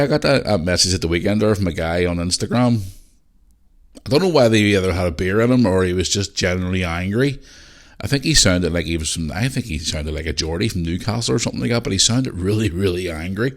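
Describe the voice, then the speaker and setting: Guy with a real low voice just chatting on his podcast, easygoing, swears a lot. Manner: chatty and loose, swears freely. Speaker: podcast host. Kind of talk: casual solo podcast chat.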